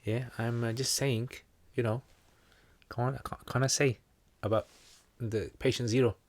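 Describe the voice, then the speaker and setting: A British man with a medium-pitched, steady voice speaks at a moderate pace, with no room sound. He's hosting a casual livestream Q&A on Islamic practice, reading each viewer's question aloud and then answering in a chatty, informal way.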